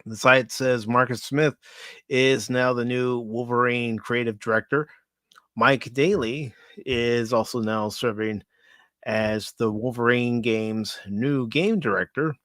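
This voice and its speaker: A man's voice: mid-range voice, fairly even intonation, slow, fairly bright tone, no room sound. A man hosting a pop culture talk show, reading news items aloud and breaking off for wry asides. His voice sits mid-range, close and dry. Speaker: host.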